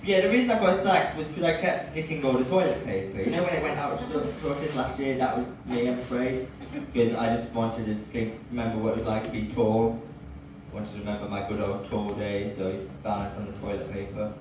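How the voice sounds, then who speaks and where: An English man performing a lively stand-up set, telling stories and now and then bursting into loud cries. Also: mid-range voice, brisk. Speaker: stand-up comedian. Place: comedy club with audience. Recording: echoey room from far off, audible noise.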